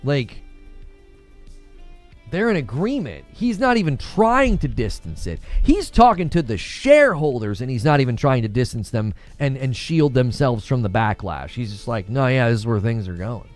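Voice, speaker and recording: A man's voice: medium pitch, big pitch swings, normal speed, soft background music. Heated man ranting on stream. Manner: heated, emphatic, repeats phrases. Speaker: gaming channel host. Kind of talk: live-stream commentary.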